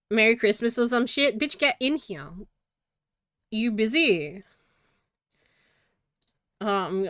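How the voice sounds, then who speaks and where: A woman's voice: mid-range voice, fairly bright tone, clean tone, dry recording, clean studio sound. A giggly, hyper Australian woman rambling in casual live-stream chat as a streamer.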